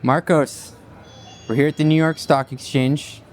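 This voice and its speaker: A man's voice: on the high side, steady tone, a little slow. A man hosting a podcast interview, joking and self-deprecating, recorded live at a stock exchange. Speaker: podcast host. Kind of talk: casual interview and read ad. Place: New York Stock Exchange floor.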